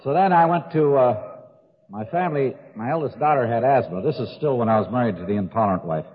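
A man's voice: mid-range voice, lively intonation, fast talker. An older man telling jokes and his drinking story in a folksy way, laughing at his own stories. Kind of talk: recovery talk with jokes. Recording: tinny old recording with long hall reverb.

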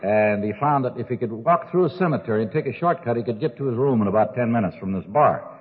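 A man's voice: medium pitch, lively intonation, quick pace, slightly rough. An older man telling jokes and his drinking story in a folksy way, laughing at his own stories. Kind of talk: recovery talk with jokes. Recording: tinny old recording with long hall reverb.

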